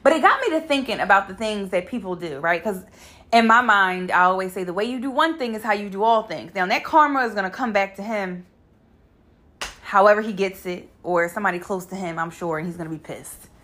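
A young adult woman talking straight to her viewers in a casual storytime monologue. She is blunt and animated, swears freely and speaks at a mid pitch for a woman. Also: brisk. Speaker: vlogger.

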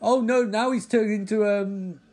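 A man giving sarcastic, casual running commentary on a film, swearing and getting excitable as he watches. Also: high voice, normal speed. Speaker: movie reaction commentator. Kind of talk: casual live movie commentary.

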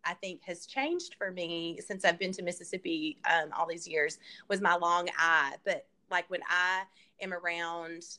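A woman's voice: fairly low pitch, a little slow, pushed and bright. A woman with a Southern Arkansas accent, chatting casually in a playful, mock-teacherly way and laughing often. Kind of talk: casual chat.

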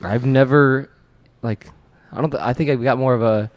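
A man asking questions in a casual chat, relaxed and self-deprecating. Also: mid-range voice, moderate pace. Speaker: interviewer.

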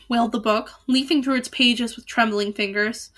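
A woman's voice: a little high, fairly even intonation, moderate pace, a bit bright. A woman reading a novel aloud in a casual way, with small slips and restarts. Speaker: reader.

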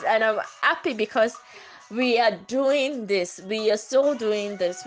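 A woman's voice: on the high side, rough recording. A woman hosting a casual solo podcast, talking earnestly and repeating her phrases, her voice slightly stuffy from catarrh. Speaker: podcast host.

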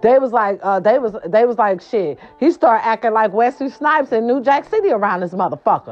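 A woman hosting a casual gossip show, sassy and animated, swearing freely, with a hoarse voice from a sore throat. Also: on the high side, fairly quick, few pauses, highs cut off. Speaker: host.

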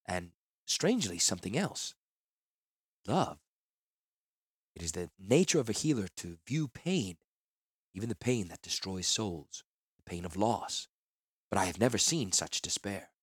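A man narrating a first-person fantasy novel in a measured, earnest way. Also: on the low side, fairly bright tone, slightly rough, no room sound, studio quality. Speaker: audiobook narrator.

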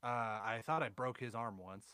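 A man co-hosting a podcast, chatting casually in a halting, blunt way about wrestling matches. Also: medium pitch, sharp tone, slight background noise. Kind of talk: casual chat.

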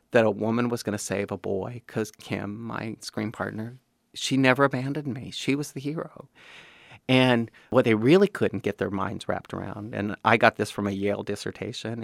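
Actor in his 50s, from Kansas City, emphatic interviewee, gravelly and low. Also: dry recording, clean studio sound. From Kansas City, USA. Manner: emphatic, acts out quoted voices. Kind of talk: candid interview.

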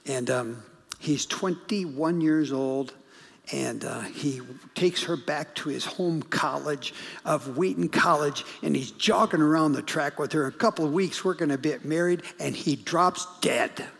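A middle-aged man, a guest pastor, preaching a sermon as a story, swinging from urgent bursts to hushed, whispered lines. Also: on the high side, measured pace, vocal fry, slightly rough, in a large hall. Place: church sanctuary.

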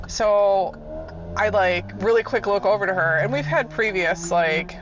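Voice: mid-range voice, unhurried. A person telling job-site stories in a casual, rambling way, full of side notes, fillers and acted-out reactions. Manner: expressive, acts out reactions with gasps. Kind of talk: casual storytelling. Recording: dull recording with faint noise. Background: loud car passing at times.

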